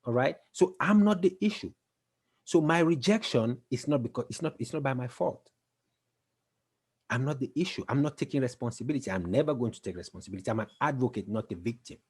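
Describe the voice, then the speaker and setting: A man's voice: mid-range voice, lively intonation, quick pace, darkish tone, breathy edge. A man giving an emphatic, repetitive motivational talk, building to intense passages. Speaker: motivational speaker.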